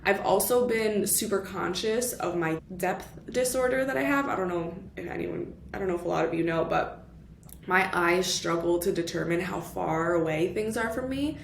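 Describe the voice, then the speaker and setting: A woman's voice: on the low side, expressive, normal speed, vocal fry, a little hiss or hum. Chatty woman talking books in an echoey room. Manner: chatty, lots of "like" and "you know" fillers; mixes in Spanish phrases. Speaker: book vlogger. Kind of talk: casual book review chat. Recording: echoey room with faint ambience.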